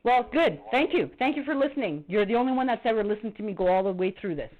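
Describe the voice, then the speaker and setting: A woman's voice: fairly high pitch, animated, fast talker. A middle-aged woman on a phone call to police, agitated and accusatory, swearing heavily as she complains. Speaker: caller reporting to police. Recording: muffled phone-call recording.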